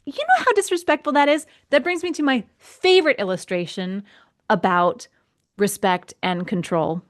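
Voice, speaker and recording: A woman hosting a podcast, telling a personal story in a casual, animated way and acting out the voices in it. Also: on the high side, moderate pace. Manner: animated, acts out quoted voices, laughs often. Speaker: podcast host.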